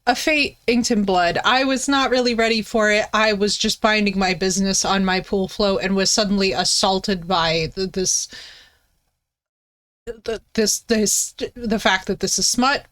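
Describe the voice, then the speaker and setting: In casual chat on her stream, a woman recounts a story with plenty of swearing, frequent laughter and big swings in her voice. She has a mid-range voice and speaks at a measured pace.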